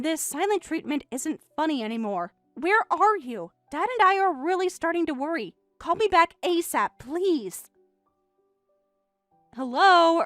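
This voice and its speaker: Bratty young daughter, woman voicing, snippy and dismissive, very high voice, dry close sound. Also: a bit bright, dry recording. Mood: panicked. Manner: snippy, eye-rolling retorts. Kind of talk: text-message story voice acting.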